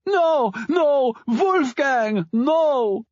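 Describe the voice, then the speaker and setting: A man's voice: very high voice, animated, very slow, no room sound, lo-fi sound, pitched above the performer's own voice, full character voice. A man voicing a frantic, screaming middle-aged mother in an audiobook. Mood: pleading. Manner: shrieking, pleading.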